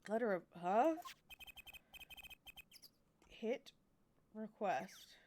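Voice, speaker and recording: A woman's voice: mid-range voice, expressive, very slow, warm tone, slight background noise. A woman doing an impatient male police officer.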